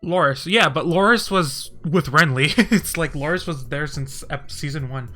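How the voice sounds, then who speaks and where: A man streaming casually, rambling and swearing, and getting heated and animated as he talks. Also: on the high side, normal speed. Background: faint music.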